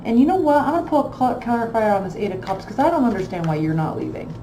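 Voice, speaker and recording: A woman's voice: on the high side, very animated, fast, mellow, roomy sound, a little hiss or hum, poor audio. A woman reading tarot cards in a blunt, emphatic way, repeating phrases for stress. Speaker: tarot reader.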